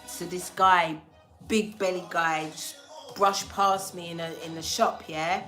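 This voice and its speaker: Woman, slangy livestream storytelling, animated, acts out dialogue, lowish voice, faint background music. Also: unhurried. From England. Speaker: spiritual livestream host. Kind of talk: casual storytelling to a live audience.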